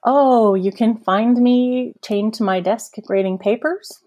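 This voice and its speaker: A woman guest author talking casually on a podcast, effusive and gushing, slowing down to savor her points. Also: a little high, warm tone. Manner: effusive, gushing, slows for emphasis.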